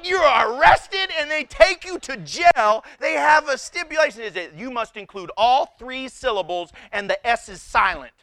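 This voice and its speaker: A man's voice: very high-pitched, normal speed, hardly any pauses, dry recording, studio quality. A man preaching a humorous sermon, telling stories with frequent laughter and incredulous exclamations. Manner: animated storytelling with frequent laughter. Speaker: pastor.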